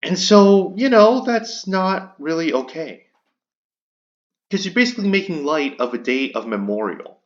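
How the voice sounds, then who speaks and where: Man, indignant commentary rant, stammering repeats, animated pitch, muffled lo-fi recording. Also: unhurried. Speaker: commentary YouTuber. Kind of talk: ranting commentary.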